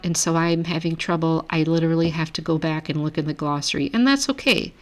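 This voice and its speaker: A woman with a notably low voice gives a recorded grammar lecture. She explains each rule patiently, pausing to correct herself now and then. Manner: relaxed, self-correcting explanations. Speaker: Greek grammar teacher. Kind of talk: recorded lecture over screen.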